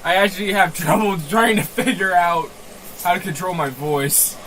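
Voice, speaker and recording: Giggly man with a higher voice. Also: normal speed, a little hiss or hum, low-quality recording. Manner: giggly, playful, loud outbursts. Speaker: streamer playing a golf game. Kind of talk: casual gaming chat.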